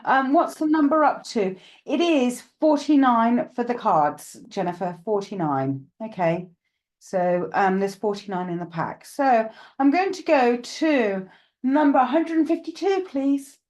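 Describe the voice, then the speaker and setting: A woman's voice: a little high, animated, measured pace, darkish tone. Brief: woman, live-stream host with a slight cough, rambling and friendly, greets viewers by name. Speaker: psychic medium hosting a live stream. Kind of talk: casual live-stream chat.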